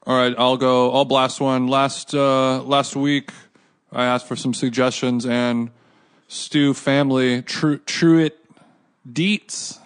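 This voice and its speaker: A man's voice: mid-range voice, little pitch movement, takes it slowly, clean tone. A man hosting a casual food podcast, chatting and teasing his co-hosts. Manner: joking, teasing banter. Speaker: podcast host. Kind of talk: casual chat.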